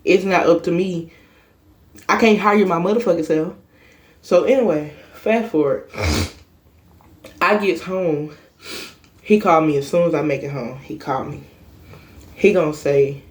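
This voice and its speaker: A woman's voice: fairly low pitch, moderate pace, pauses often, a little mellow. A young woman vlogger telling a personal story in a casual monologue, blunt, emphatic and full of cursing.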